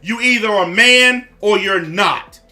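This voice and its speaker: A man's voice: sits high, slow pace, pushed and bright, soft background music. A man giving blunt, profane reaction commentary in a repetitive rant.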